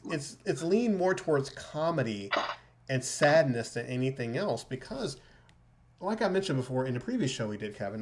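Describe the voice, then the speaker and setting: A man's voice: mid-range voice, darkish tone. A man co-hosting a podcast in casual political chat, talking emphatically and acting out remarks he quotes. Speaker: podcast co-host.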